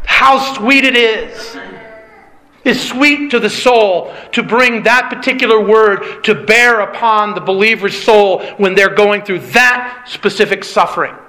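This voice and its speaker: Male preacher, high bright tone, insistent questioning sermon delivery. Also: unhurried. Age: adult with a young child. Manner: emphatic preaching with repeated rhetorical questions. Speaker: pastor.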